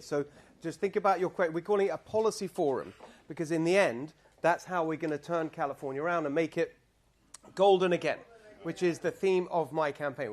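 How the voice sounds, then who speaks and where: British guy, middle-aged, campaign talk at a bbq place, jokey with the crowd, voice a bit high. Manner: chatty, self-deprecating, banters with the crowd. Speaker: political candidate. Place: barbecue restaurant event.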